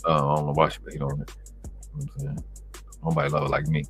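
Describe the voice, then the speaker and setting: Low gravelly Southern man. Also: big pitch swings, quick pace, a bit bright, soft background music. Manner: loose, rambling, cursing. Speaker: channel host. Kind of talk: casual talk to camera.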